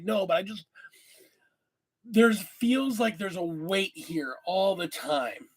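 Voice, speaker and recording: A man with a high voice talks straight to his viewers in a loose, rambling way. He sounds worn out, with a lingering cough. He swears casually as he goes. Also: animated, measured pace, husky. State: tired, lingering cough after illness. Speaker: host. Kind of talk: casual chat to camera.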